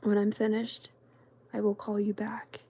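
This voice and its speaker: A woman voicing a busy, breathless young man on the phone in a hurried, apologetic whispered role-play. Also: high-pitched, monotone, mellow, breathy edge, highs cut off, full character voice.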